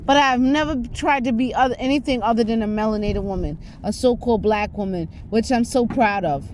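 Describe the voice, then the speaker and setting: Fairly quick and a little high, with a darkish tone, this New Yorker rambles emphatically through a casual monologue, asking rhetorical question after rhetorical question. A faint hiss or hum sits under the recording.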